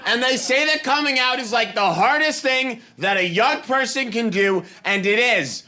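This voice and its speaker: A man's voice: very high voice, normal speed. A young adult man from Boston with a Boston accent doing a stand-up comedy set, telling stories animatedly on stage and acting out other people's lines. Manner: animated storytelling, acting out voices. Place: comedy stage before a live audience.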